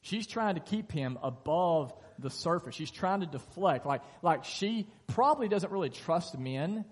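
A man preaching a sermon as pastor, telling the scripture story in a lively way and acting out its dialogue. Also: fairly high pitch, slightly rough, long reverb tail. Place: church sanctuary.

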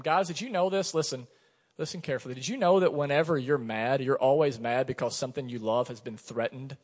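A man's voice: medium pitch, a little fast, long reverb tail. A man, a pastor in his thirties, preaching a sermon in a conversational way, telling stories from his own life. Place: church sanctuary.

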